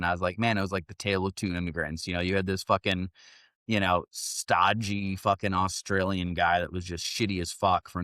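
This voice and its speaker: A middle-aged man hosting a podcast, telling a story in a profane, animated, casual way. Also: on the low side, no room sound. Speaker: podcast host. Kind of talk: casual chat.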